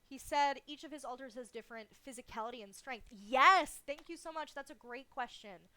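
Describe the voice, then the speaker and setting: A woman's voice: high-pitched, a little fast, no room sound. A woman streamer talking casually and candidly in a livestream Q&A, swearing freely and laughing often.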